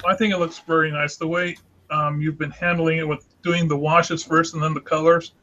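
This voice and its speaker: A man with a slightly high voice on a video call, commenting on his friends' drawings. His audio sounds dull and lo-fi. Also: flat delivery, moderate pace, bright, forceful tone. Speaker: artist in an online drawing group. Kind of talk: casual chat while drawing. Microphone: video call mic.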